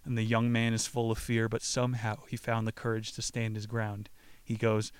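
A man's voice: lowish voice, monotone, moderate pace, smooth, dry recording. A man hosting a podcast, retelling a book casually with swearing, jokes and frequent laughs. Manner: profane, joking, laughs often. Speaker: podcast host. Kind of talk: casual book-summary talk.

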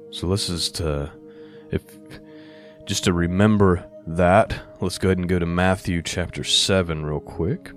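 Deep-voiced man preaching. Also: steady tone, soft background music. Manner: reads scripture slowly, then explains in plain talk; earnest, with frequent self-corrections and rhetorical "right?". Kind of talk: sermon with scripture reading.

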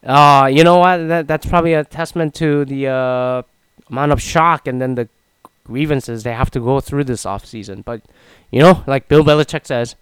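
Rambling young man, smooth dry voice. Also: mid-range voice, moderate pace, no echo, low-quality recording. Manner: rambling, filler-heavy, opinionated. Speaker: sports commentator. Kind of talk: casual monologue.

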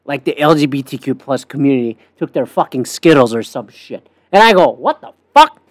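A woman's voice: rumbling low, moderate pace, no echo. A woman podcast host delivering a casual, profane, sarcastic rant. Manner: profane, sarcastic, animated ranting with swings between loud and muttered.

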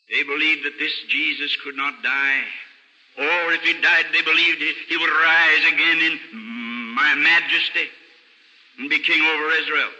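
Older preacher with a bright, ringing voice. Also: male voice, little pitch movement, moderate pace. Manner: earnest storytelling preacher, dropping low and soft for sad passages. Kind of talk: sermon. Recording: old radio broadcast recording with long hall reverb.

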